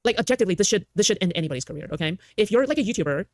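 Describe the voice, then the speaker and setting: Fast, defensive ranting man. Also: sits high, expressive, no echo. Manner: defensive, repetitive, keeps saying okay. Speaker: streamer in clips. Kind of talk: heated ranting.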